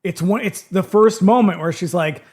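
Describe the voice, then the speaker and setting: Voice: medium pitch, moderate pace, darkish tone, breathy edge. A podcast co-host chatting casually about a film, throwing in wry, sarcastic asides and reading out notes.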